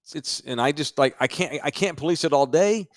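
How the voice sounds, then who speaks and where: Animated middle-aged man ranting on a podcast. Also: on the high side, brisk, no room sound, studio quality. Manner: exasperated ranting, emphatic, profane. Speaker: podcast co-host and high school history teacher. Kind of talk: casual podcast banter. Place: podcast studio in a sports bar.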